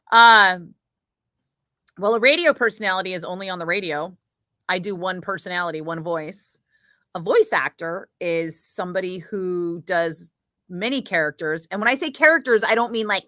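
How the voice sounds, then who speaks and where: Woman, radio DJ, casual livestream chat, forceful bright tone, dry close studio sound. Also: medium pitch, dry recording. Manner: chatty and animated, with many fillers. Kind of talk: casual livestream chat answering viewer comments.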